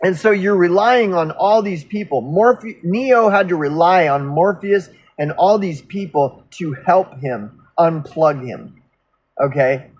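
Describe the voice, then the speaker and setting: A man's voice: high-pitched, animated, slow pace, slightly rough, highs cut off. A man talking in an unscripted monologue, swearing freely, repeating himself for emphasis and often restarting his sentences. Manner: profane, emphatic, repetitive ranting; frequent restarts and stammered repeats. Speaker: recovery vlogger.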